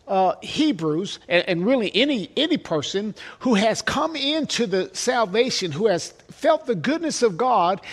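A man with a high-pitched voice preaching verse by verse. He talks earnestly and with emphasis, quoting scripture and pressing each point with repeated phrases. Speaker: pastor. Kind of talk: verse-by-verse sermon.

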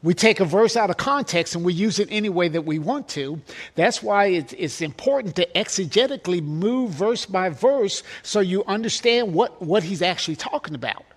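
A high-voiced pastor preaches a verse-by-verse sermon, earnest and emphatic, quoting scripture and driving home each point with repeated phrases. He's animated and speaks at a moderate pace.

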